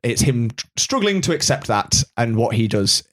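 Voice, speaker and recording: A man's voice: mid-range voice, very animated, moderate pace, fairly bright tone. A man co-hosting a podcast, talking through a film in an easygoing way and checking the details as he goes. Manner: easygoing, looks details up, agrees often. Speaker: podcast co-host. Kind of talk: casual film chat.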